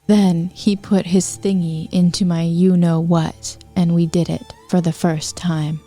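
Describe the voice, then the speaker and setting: Slow, mellow woman reading fanfiction aloud. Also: lowish voice, level tone, soft background music. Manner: wry, unhurried, breaks off with apologetic asides.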